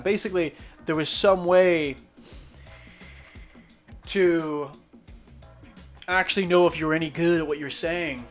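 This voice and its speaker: A man's voice: fairly high pitch, measured pace, long pauses, soft background music. A man from Northern Ireland with a muted Northern Irish accent, streaming while he draws, ranting skeptically with lots of swearing and restarts. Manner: rambling with many restarts. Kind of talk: casual chat while drawing.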